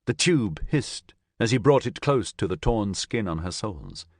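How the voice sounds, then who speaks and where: A man narrates a science fiction audiobook with expressive storytelling. His voice is low and moves a lot in pitch. The recording is dry and close. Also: normal speed, no echo. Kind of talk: scripted narration.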